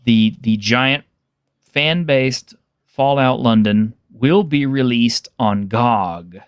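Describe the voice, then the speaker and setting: A man's voice: mid-range voice, slow pace, clear, resonant tone, dry recording. A man co-hosting a casual podcast, laid-back and rambling, laughing easily. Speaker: podcast co-host. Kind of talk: casual chat.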